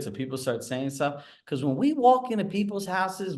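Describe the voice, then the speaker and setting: Male sales coach, fairly high voice, energetic, quizzes his group on a video call. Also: normal speed, few pauses. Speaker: real estate sales coach.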